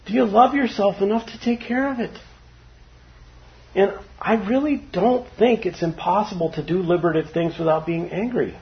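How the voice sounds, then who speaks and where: A man giving a casual, informal dharma talk to a group, chatty and quick to laugh. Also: high voice, gravelly. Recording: dull lo-fi recording.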